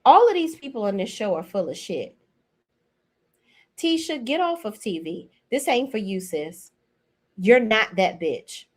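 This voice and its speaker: Host, woman, 40s: blunt, mocking recap commentary with a high-ish, swinging voice. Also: moderate pace. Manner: blunt, profane, sassy; mocking and animated, swings between high and low. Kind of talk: reality TV recap rant.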